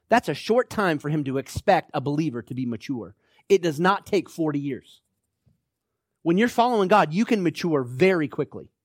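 A male preacher delivers an emphatic, rallying sermon. His voice sits high and leaps up and down with feeling. The sound is dry and close. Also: dry recording. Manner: emphatic, exhorting, rallying with "come on now". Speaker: pastor.

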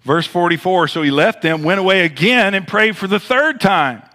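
A man from the American South with a Southern accent, preaching a sermon as pastor with dramatic pauses and big swings in loudness. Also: sits high, animated.

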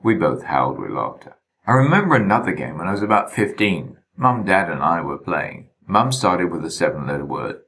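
A man reads his memoir aloud, wry and deadpan. His voice sits very low, yet his delivery rises and falls with lively expression. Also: a little fast. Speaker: narrator. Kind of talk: memoir reading.

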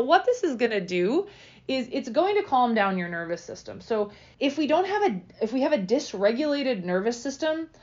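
A woman in her thirties hosting a solo podcast, coaching athletes in an energetic, direct, motivational way. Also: a little high, highs cut off. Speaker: podcast host and roller derby fitness coach.

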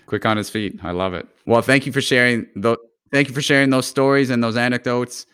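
A man's voice: medium pitch, fairly even intonation, moderate pace, fairly bright tone, clear, resonant tone. A man hosting a podcast, graciously thanking his guest and reading the show's sign-off. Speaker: podcast host. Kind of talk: podcast interview and outro.

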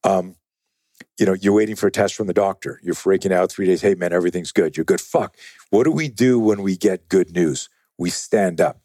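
Husky deep-voiced man telling stories. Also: normal speed, no room sound, studio quality. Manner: profane, animated storyteller acting out quotes. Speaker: guest, self-defense trainer. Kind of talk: casual podcast conversation.

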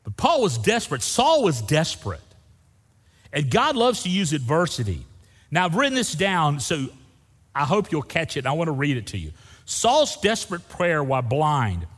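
A man's voice: on the high side, wildly swooping pitch, moderate pace, fairly bright tone. Folksy preaching man in a reverberant hall. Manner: folksy, humorous preaching with Southern "y'all". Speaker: pastor. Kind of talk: sermon.

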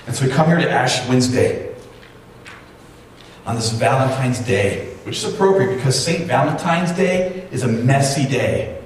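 A man's voice: medium pitch, lively intonation, moderate pace. A man in his forties preaching a sermon, telling a family story with self-deprecating humor. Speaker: pastor. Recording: very echoey hall, distant mic, faint noise.

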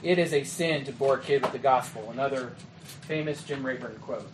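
A man giving a training talk to youth ministry leaders in a conversational way, often checking in with "okay?" and "right?" and acting out quick exchanges. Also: medium pitch, background noise. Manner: acts out quick quoted exchanges. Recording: echoey room with faint ambience.

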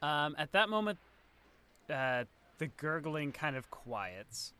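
A man's voice: fairly high pitch, very animated, slow pace, bright, forceful tone, slight background noise. A man narrating as game master in a tabletop game, describing scenes loosely with many fillers.

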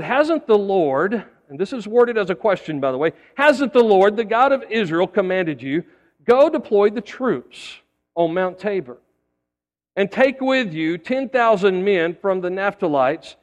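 A pastor preaching in a fairly high voice, his words trailing off into the long reverb of a church hall. He tells his stories in a folksy way, often repeating a word as he goes. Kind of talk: sermon.

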